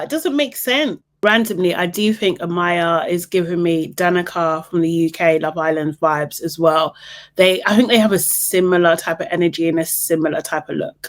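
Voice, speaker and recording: A woman hosting a casual reality TV recap, opinionated and exasperated, her voice leaping up high when she is incredulous.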